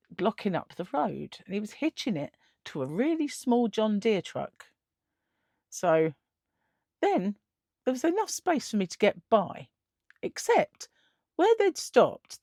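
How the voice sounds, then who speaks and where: A woman's voice: medium pitch, darkish tone, no echo, clean studio sound. A middle-aged woman telling a story in a casual vlog, chatty and laughing often, acting out the other people in it. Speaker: vlogger.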